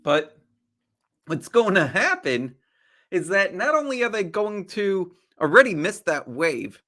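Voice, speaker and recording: A man's voice: high-pitched, big pitch swings, measured pace, bright, forceful tone. A man hosting a live trading stream, chatty and casual, asking rhetorical questions and greeting viewers as they join.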